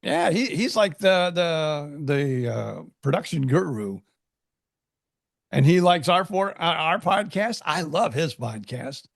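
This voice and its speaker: Higher-voiced, gravelly podcast co-host man. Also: dry recording, studio quality. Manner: halting, repeats words, animated storytelling. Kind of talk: casual chat.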